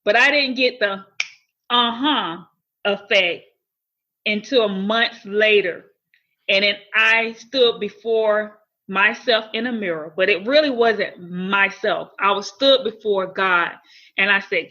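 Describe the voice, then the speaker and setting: A woman's voice: medium pitch, slow pace, sharp tone, muffled recording. A woman guest on a podcast telling a personal story candidly and earnestly, often repeating and restarting phrases.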